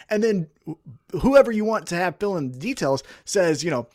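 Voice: mid-range voice, animated, normal speed, a little mellow, no room sound, studio quality. A podcast co-host ranting in a casual show, heated and full of swearing.

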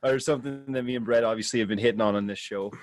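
A man hosting a podcast, asking questions in a halting way as he frames them. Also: medium pitch, steady tone, no echo. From Canada. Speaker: podcast host. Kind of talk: podcast interview conversation.

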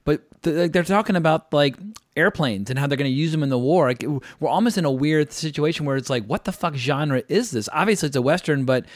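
A man's voice: fairly high pitch, fast talker, no echo, clean studio sound. A man guesting on a podcast, gushing about films in casual, profane chat. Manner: enthusiastic, profane, acts out quotes.

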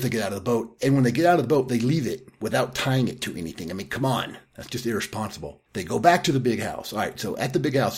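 A man's voice: on the low side, darkish tone, slightly rough. A man hosting a podcast, retelling a film scene by scene in a casual way and breaking in with dry, mocking asides. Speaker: podcast host. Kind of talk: casual sarcastic film recap.

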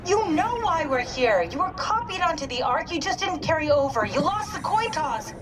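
A woman voicing a calm, blunt woman scientist in a video game, explaining things in a matter-of-fact way. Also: high voice, moderate pace. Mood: exasperated. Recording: distant game audio with loud background noise.

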